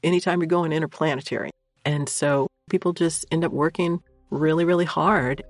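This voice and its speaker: A woman's voice: deep voice, steady tone, moderate pace, no room sound, faint music behind. A woman spacecraft engineer telling work stories in an interview, acting out her own quotes with animation. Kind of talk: interview storytelling.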